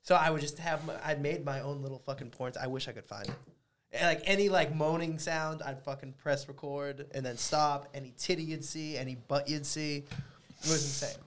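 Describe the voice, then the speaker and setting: Man in his thirties, guest; blunt, raunchy storyteller with a slightly raised pitch. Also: steady tone, brisk, a bit bright, slight background noise. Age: 30s. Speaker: podcast guest. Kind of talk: casual chat.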